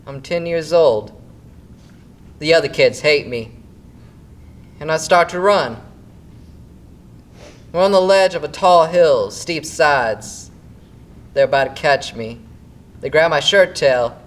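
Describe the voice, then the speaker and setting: A high-voiced fibber with a teasing, sly way of talking, played by a young man on stage. His voice sits well above the usual male range, and he swings between playful needling and hushed, faraway storytelling. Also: slow pace, long pauses. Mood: dreamy. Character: young man Neil, a scheming, dreamy fibber. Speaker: stage actor. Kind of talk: live stage play acting.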